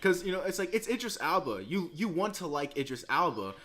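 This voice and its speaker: A man's voice: high voice, big pitch swings, fairly quick, a bit bright. Hesitant young-sounding man on a podcast. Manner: hesitant, many fillers, laughs. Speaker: co-host of a movie review podcast. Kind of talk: casual conversation, movie review.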